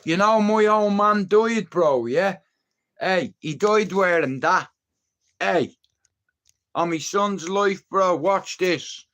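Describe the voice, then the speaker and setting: A man's voice: high voice, slow, fairly bright tone. A man, chatting casually to his viewers, swearing freely and often asking if they understand. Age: 50s. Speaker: livestreamer. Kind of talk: casual rambling chat to viewers.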